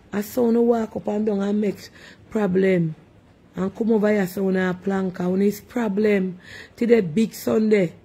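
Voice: mid-range voice, dark tone, breathy edge. A live-stream host with a Jamaican accent, casually chatting and sharply scolding commenters with repeated rhetorical questions.

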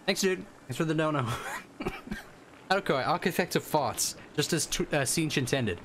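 A man with a Northern English accent giving casual, animated commentary on a livestream, swearing freely and laughing often. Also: a little high, measured pace, slight background noise. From northern England. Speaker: streamer.

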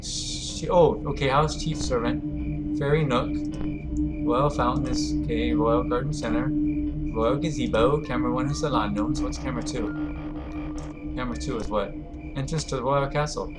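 A man's voice: mid-range voice, normal speed, loud music behind the voice. Chatty self-mocking gameplay commentator man. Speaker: gameplay video host. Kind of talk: let's play commentary.

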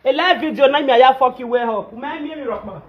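A woman's voice: sits high, quick pace, lo-fi sound. A woman with a Nigerian Pidgin English accent, scolding and ranting animatedly on a live phone video, repeating herself for emphasis. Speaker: social media personality on a live video.

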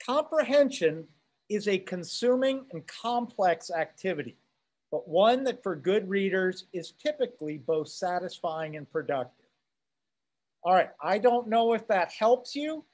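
A man's voice: high-pitched, animated, a little slow, a little mellow. A man teaching a class, reading a text aloud and commenting on it in a conversational way, asking rhetorical questions and checking in with his listeners.

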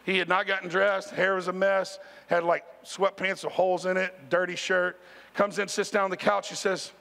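Male pastor, conversational sermon, high-pitched, church reverb. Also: normal speed, gravelly. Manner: animated, conversational, talks straight to the congregation. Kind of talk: sermon storytelling. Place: church sanctuary.

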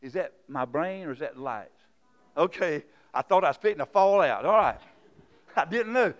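A man preaching a sermon in a church. He swings from loud, fervent shouting to quiet storytelling. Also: on the high side, expressive, normal speed, muffled recording. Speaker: pastor. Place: church sanctuary.

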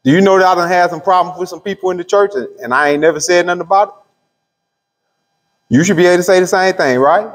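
Husky-voiced man preaching to a church hall. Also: high voice. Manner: call-and-response questions to the room; drawls key words slowly. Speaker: pastor. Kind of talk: midweek Bible study teaching. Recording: long hall reverb.

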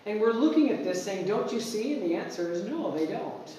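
A fairly high-voiced man preaching in a church sanctuary, recorded from a distance so the big room echoes heavily around him. He talks in an animated way, jumps into acted-out quotes and restarts his sentences often. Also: fairly quick. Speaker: pastor. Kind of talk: sermon. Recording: echoey church hall, mic far off.

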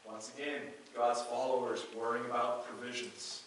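A pastor preaching a sermon, reading scripture aloud and earnestly repeating key phrases. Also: male voice, mid-range voice, little pitch movement, moderate pace, fairly bright tone, a little hiss or hum. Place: church sanctuary. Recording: very echoey church hall, mic far off.

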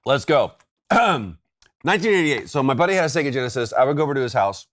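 A man co-hosting a casual gaming chat, teasing his partner and quick to laugh. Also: medium pitch, big pitch swings, noisy background. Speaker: co-host.

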